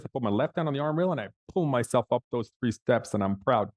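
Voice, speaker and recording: A man's voice: mid-range voice, fast, few pauses, darkish tone. A man on a panel telling a personal story in a vivid, dramatic way with big swings in emphasis. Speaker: panel speaker.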